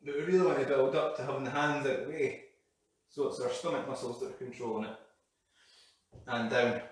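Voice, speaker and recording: A man's voice: medium pitch, steady tone, brisk. Man, fitness coach, out of breath, echoey room, distant mic. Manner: coaching while exercising, breathy and effortful. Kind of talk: live workout instruction.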